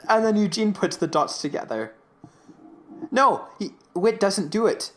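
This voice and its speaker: A man's voice: sits high, animated, unhurried, fairly bright tone. A young man co-hosting a casual fan podcast, rambling through a retelling with many fillers. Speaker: podcast co-host.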